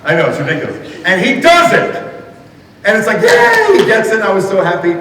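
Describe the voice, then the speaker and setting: A man's voice: sits high, brisk, background noise. A man from telling comic stories to an audience and acting out the people in them. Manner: animated, acts out the people in his stories. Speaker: school assembly speaker and storyteller. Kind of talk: comic storytelling talk to an audience. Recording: echoey hall, heard from a distance.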